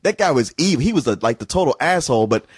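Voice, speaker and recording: A husky-voiced man chimes in on a casual film review, mostly agreeing and adding wry jokes. His pitch is lively, and he is recorded close and dry. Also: fast talker, no room sound.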